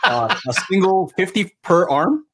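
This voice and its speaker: A man's voice: sits high, very animated, a little slow, crowd noise. A man co-hosting a casual podcast, chatty and asking teasing questions. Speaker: podcast co-host. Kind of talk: casual chat.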